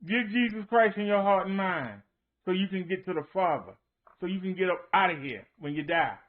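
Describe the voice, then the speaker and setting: A man's voice: sits high, expressive, moderate pace. A man preaching on his online show, hammering points home with repeated rhetorical questions. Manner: emphatic, repetitive rhetorical questions. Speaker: minister. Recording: tinny phone-like sound.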